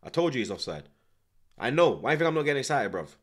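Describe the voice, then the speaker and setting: Man, watchalong host, profane and repetitive football rant, mid-pitched. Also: sing-song, rapid-fire. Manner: swearing, repetitive ranting with street slang.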